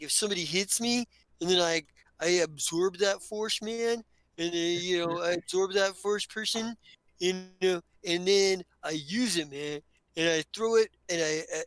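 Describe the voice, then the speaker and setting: A man voicing a laid-back male alien brawler who rambles slowly and keeps saying "man.". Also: high voice, fairly bright tone, smooth, no room sound, rough recording. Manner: slow, drawling, rambling.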